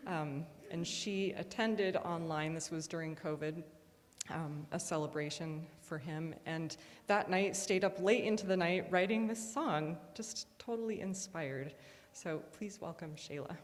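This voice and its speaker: A woman music teacher talks to a congregation in a casual, enthusiastic way, dropping in frequent ums. Her voice sits a little low. It rings out with the long reverb of a large fellowship hall. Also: a little slow. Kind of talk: casual speech at a church service.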